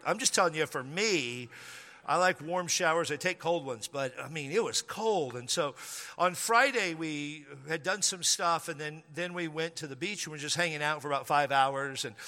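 Bright-voiced joking middle-aged preacher. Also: male voice, on the high side, big-room sound. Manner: chatty, joking asides, many restarts. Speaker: pastor. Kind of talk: sermon with personal storytelling.

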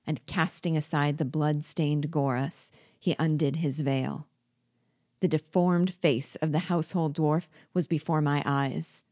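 A woman reading a novel aloud in a measured, deliberate manner. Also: low voice, darkish tone, dry recording, clean studio sound. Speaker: book reader.

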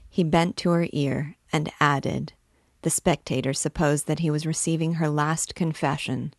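A woman reading a classic novel aloud in a measured, dramatic way. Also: deep voice, steady tone, no echo, studio quality. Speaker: book reader and guide.

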